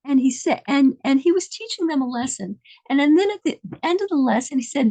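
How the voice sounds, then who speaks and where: Brief: woman storyteller, high voice, loose and meandering conversational telling. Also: expressive, fairly quick, few pauses, warm tone, low-quality recording. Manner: meandering, searching for details. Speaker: speaker telling an inspirational story.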